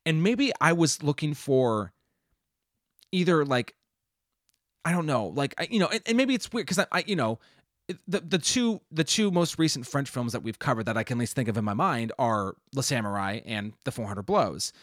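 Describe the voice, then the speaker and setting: A man's voice: medium pitch, sing-song, normal speed, a bit bright, no echo, studio quality. A man co-hosting a film review podcast, chatting casually and rambling with many restarts. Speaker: podcast co-host.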